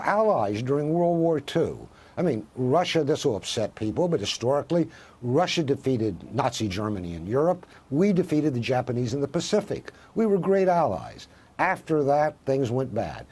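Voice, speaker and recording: Husky, emphatic male professor. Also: mid-range voice, big pitch swings, moderate pace, darkish tone. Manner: emphatic, rhetorical questions. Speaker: professor, interview guest. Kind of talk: cable news interview.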